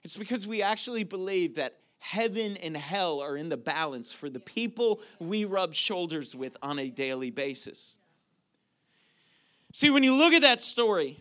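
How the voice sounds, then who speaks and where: A man pastor preaching a sermon, moving from quiet questions to loud, shouted declarations. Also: high-pitched.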